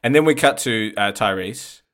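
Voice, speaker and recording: A man's voice: fairly low pitch, animated, normal speed, a bit bright. A man co-hosting a comedy podcast, telling a movie story with stammering restarts. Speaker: podcast co-host. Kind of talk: comedic movie recap chat.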